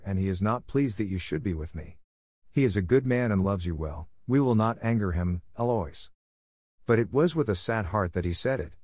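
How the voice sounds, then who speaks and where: A man narrating a classic story as an audiobook, in a steady, measured reading. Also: low voice, dry recording.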